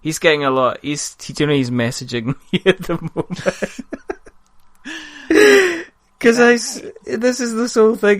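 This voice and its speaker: A man's voice: on the high side, no room sound. A man hosting a gaming podcast, chatting casually in a rambling, jokey way. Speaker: podcast host. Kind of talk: casual chat.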